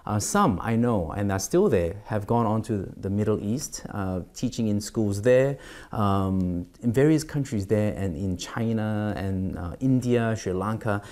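A man's voice: fairly low pitch, animated, unhurried, darkish tone. A middle-aged man as pastor, giving a devotional sermon and reading scripture aloud, with many fillers and restarts.

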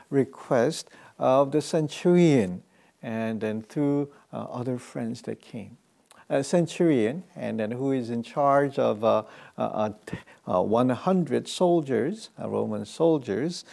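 A male pastor delivers a sermon in a gravelly, mellow voice. He talks haltingly, stopping to fill gaps and restart his sentences as he explains a scripture passage. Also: medium pitch. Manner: halting, with frequent fillers and restarts.

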